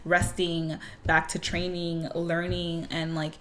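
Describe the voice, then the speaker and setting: A woman's voice: fairly low pitch, monotone, slow pace, fairly bright tone, a little hiss or hum. A young woman co-hosting a podcast in casual chat, speaking in a reflective, thoughtful way. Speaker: podcast co-host.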